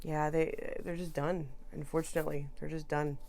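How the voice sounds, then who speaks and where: A woman reading tarot cards to camera in a chatty, soothing way, trailing off soft and then rising loud again. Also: sits low, flat delivery, moderate pace, a little hiss or hum. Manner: chatty and soothing, with frequent restarts and swings between soft and loud. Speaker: tarot reader.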